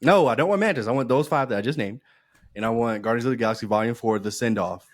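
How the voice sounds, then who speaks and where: A man co-hosting a podcast in casual chat, animated, swearing freely and laughing often. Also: mid-range voice, fast talker, no room sound. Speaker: podcast co-host.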